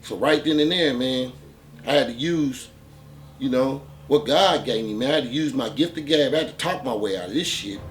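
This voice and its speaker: A man's voice: medium pitch, moderate pace, slight background noise. A man host telling a gritty street-life story in a profane, conversational way, often tossing in "man". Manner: animated, profane, conversational, with many "man" fillers.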